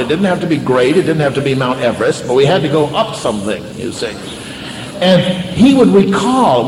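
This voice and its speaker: A man delivers a sermon with dramatic storytelling. His voice swings from loud to hushed. It rings through an echoey hall with a long reverb and faint ambience behind him. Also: a little high, a little hiss or hum. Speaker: preacher.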